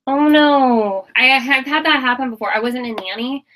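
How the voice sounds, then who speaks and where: A woman's voice: high-pitched, normal speed, a bit bright, low-quality recording. A young woman vlogger chatting casually and playfully while doing her makeup.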